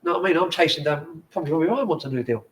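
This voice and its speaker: A man's voice: fairly high pitch, expressive, rapid-fire. A man in his forties, a former footballer, telling rambling, sweary stories in a casual interview in a bar.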